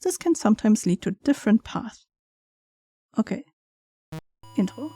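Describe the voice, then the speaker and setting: A woman's voice: medium pitch, expressive, unhurried, mellow, no echo. A young woman playing through a game, reading its text aloud with chatty, giggly asides. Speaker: gaming streamer.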